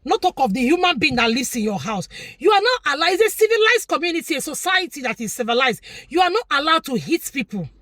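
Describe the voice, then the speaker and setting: A woman's voice: high-pitched, very animated, fast, hardly any pauses, fairly bright tone, no room sound, clean studio sound. A Nigerian woman vlogger giving an opinionated, preachy commentary, repeating her points for emphasis.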